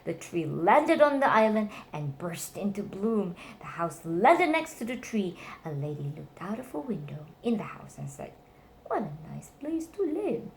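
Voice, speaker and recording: A woman reads simple children's stories aloud at home, her pitch swinging widely as she plays along with the tale. She jumps into high squeals for the characters' cries. There is a faint hiss of noise behind her. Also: sing-song, normal speed, creaky, hardly any pauses. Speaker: reading stories to her nephew. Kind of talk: bedtime storybook reading aloud.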